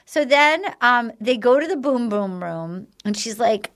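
A woman's voice: a little high, a little slow, few pauses, a bit bright. A woman hosting a casual chat, animatedly retelling a reality show with frequent laughter and swearing. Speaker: podcast host.

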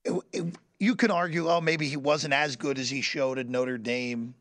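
A man co-hosting a casual sports chat, speaking haltingly and repeating words while he gathers his thoughts. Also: mid-range voice, steady tone, a bit bright, dry recording, clean studio sound. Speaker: podcast co-host.

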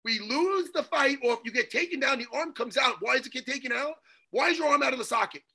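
Male sports co-host, high and bright, fiery theatrical ranter. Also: fast talker, vocal fry, slightly rough. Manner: fiery, theatrical ranting with bursts of shouting. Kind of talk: heated sports talk.

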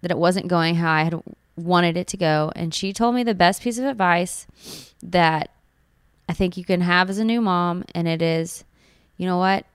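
A woman's voice: lowish voice, moderate pace, clean tone, dry recording, studio quality. A woman in her thirties, a new mother, telling her birth story in an earnest, emotional, gushing way. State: tearful at times. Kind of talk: personal storytelling.

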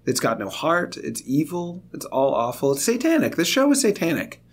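A man co-hosting a casual comedy chat, grumbling in a gloomy, deadpan way. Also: fairly high pitch, normal speed. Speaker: podcast co-host.

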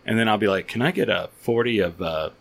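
A man hosting a relaxed podcast chat, telling long stories that loop through restarts and curse words. His voice sits a bit low. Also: quick pace. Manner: rambling storyteller with many restarts, swears freely. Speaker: podcast host. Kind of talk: casual chat.

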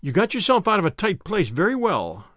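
A man voicing a grave older male lawyer who speaks in a measured, dry way with clipped questions. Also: high-pitched, huge pitch swings, fairly bright tone, dry recording, pitched above the performer's own voice, full character voice.

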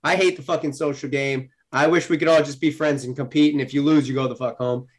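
A man guest in casual podcast chat, blunt and animated, swearing freely as he tells stories. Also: a little high, fast talker.

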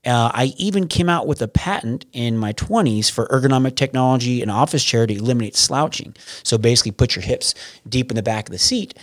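A man's voice: mid-range voice, lively intonation, brisk, no room sound. Rambling man in a dry close recording. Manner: rambling, with frequent restarts and profanity. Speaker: podcast guest. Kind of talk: casual conversational interview.

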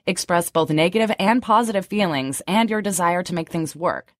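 Recorded in studio quality with no room sound, this thirties-aged female co-host speaks in a lowish voice at a moderate pace. She reads out summaries, then drifts into chatty, unscripted talk packed with "like" fillers.

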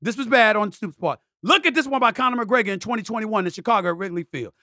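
A middle-aged man hosting a sports talk show, talking emphatically and repeating himself, with sudden loud, excited outbursts. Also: sits high, quick pace, hardly any pauses, no room sound, clean studio sound. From New York City. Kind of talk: casual monologue.

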